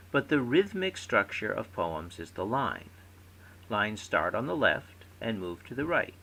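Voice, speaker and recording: A man giving a recorded lecture, explaining terms clearly and stressing syllables in his example words. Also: lowish voice, sharp tone, low-quality recording.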